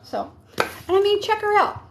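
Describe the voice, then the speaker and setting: A woman with a high voice gives a live tarot reading. She talks casually and rambles a little, warmly urging her listeners on. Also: animated, normal speed, very noisy. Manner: casual, encouraging, rambling with many fillers. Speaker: tarot reader.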